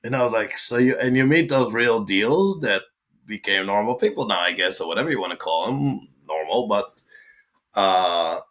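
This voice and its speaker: A man, a guest telling stories casually, animated and swearing as he acts out what people said. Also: lowish voice, normal speed. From Israel. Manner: animated, swearing, acting out quotes. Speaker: guest, tattoo artist. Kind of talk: casual storytelling.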